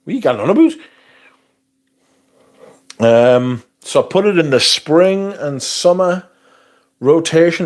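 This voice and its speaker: A man's voice: on the high side, sing-song, slow pace, long pauses. A man hosting a casual livestream, swearing freely as he rants and answers viewer questions. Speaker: livestream host.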